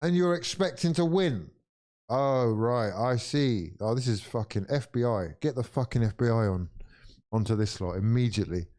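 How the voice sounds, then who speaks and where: A young English man streaming a football watch-along, swearing freely and swinging between weary groans and loud outbursts of disbelief. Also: lowish voice, normal speed. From England. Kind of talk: live football reaction commentary.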